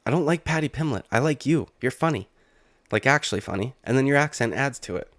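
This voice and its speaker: A man's voice: mid-range voice, lively intonation, fairly quick, a bit bright, dry recording, clean studio sound. Casual, profane young man riffing on fights. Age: late 20s. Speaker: MMA YouTuber. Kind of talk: reaction commentary.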